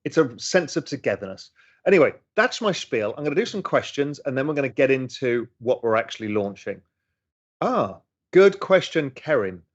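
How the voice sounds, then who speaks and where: A man's voice: medium pitch, very animated, moderate pace. A middle-aged man, chatting enthusiastically as he reads and answers chat questions on a casual livestream. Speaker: host answering audience questions. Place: home room. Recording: slightly dull lo-fi stream audio.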